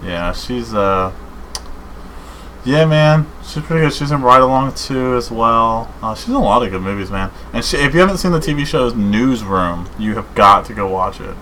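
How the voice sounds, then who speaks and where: A man co-hosting a podcast in casual chat, rambling and excited, saying dude and man a lot. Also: medium pitch, normal speed, a little hiss or hum, rough recording. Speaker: podcast co-host.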